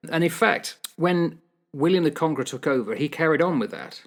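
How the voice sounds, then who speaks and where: A man's voice: fairly high pitch, animated, brisk. An older man, co-hosting a casual history chat in a chatty, jokey way. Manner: chatty, jokey, laughs often. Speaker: podcast co-host.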